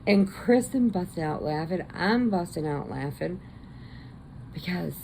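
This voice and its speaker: Middle-aged woman, deep gravelly voice, slow easygoing vlog chatter. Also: background noise. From American Midwest. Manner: chatty storyteller, animated quotes. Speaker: crochet vlogger. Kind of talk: casual chat.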